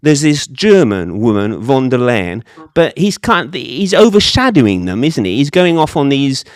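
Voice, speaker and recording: A man's voice: medium pitch, very animated, moderate pace, no echo, clean studio sound. A man co-hosting a political chat show as a reporter, wry and joking, with hesitant fillers. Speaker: co-host, reporter.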